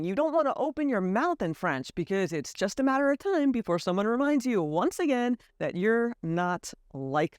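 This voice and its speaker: A woman's voice: mid-range voice, no room sound, studio quality. An American woman vlogger living abroad, talking earnestly and emphatically straight to the viewer. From United States. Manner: heartfelt, emphatic, speaks directly to the viewer. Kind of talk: earnest talk to camera.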